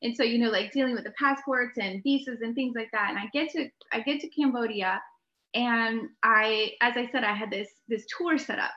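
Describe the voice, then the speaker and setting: A young adult woman, a podcast guest, telling a story in an animated way, laughing often and full of filler words. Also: on the high side, moderate pace. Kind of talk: storytelling in a conversation. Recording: echoey room, dull lo-fi sound.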